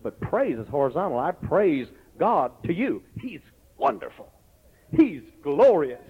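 A man preaching a lively sermon as pastor, breaking into shouted exclamations between stories and scripture reading. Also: on the high side, unhurried, creaky, husky. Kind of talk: Pentecostal-style sermon. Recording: lo-fi recording.

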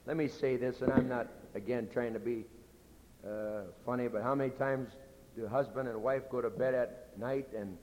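Man, middle-aged pastor: earnest, plain-spoken sermon, drops quiet for confessions; hall echo, faint rumble. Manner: earnest, conversational preaching, drops soft and low for personal confessions. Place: church sanctuary.

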